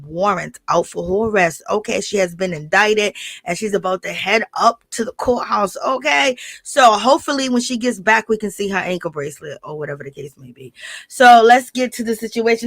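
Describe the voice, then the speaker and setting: Sassy, bright-voiced woman streamer. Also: fairly high pitch, normal speed, no room sound. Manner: animated, sassy, greets chat by name. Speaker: streamer and reality TV commentator. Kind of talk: casual livestream recap.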